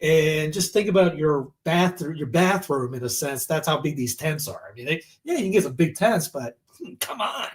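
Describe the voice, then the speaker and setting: A male podcast co-host with a voice sitting a little high for a man. He talks in casual, animated chat and breaks into mocking put-on voices when he quotes people. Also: normal speed.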